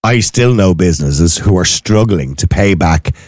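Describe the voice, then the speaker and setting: A man's voice: deep voice, expressive, normal speed, darkish tone, no echo, studio quality. An Irish man hosting a radio show, asking questions in a casual chat. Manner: questioning, conversational. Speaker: radio host.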